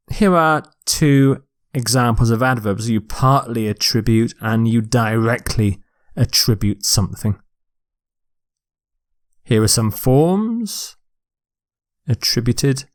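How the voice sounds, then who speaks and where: A man teaching a recorded vocabulary lecture, speaking slowly and deliberately and stressing syllables clearly. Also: mid-range voice. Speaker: English teacher.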